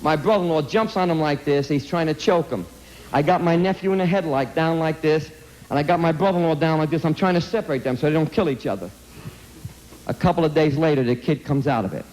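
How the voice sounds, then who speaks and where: A man's voice: on the high side, fast, a little mellow. A man with a slightly raised voice speaks to a hall of students in an emphatic anti-drug talk. He talks bluntly in streetwise words, repeats key points and keeps firing direct questions at his listeners. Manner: emphatic and repetitive, asks the audience direct questions.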